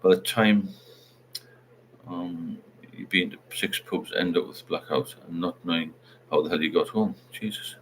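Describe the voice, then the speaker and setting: Low-voiced rambling man. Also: steady tone, unhurried, a little hiss or hum. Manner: rambling, reads out viewer comments. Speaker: livestream host. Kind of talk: casual livestream chat.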